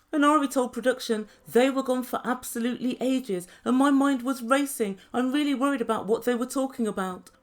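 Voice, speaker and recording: A woman recapping reality TV episodes in a sarcastic, gossipy tone with dramatic pauses. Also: fairly high pitch. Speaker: reality TV reviewer.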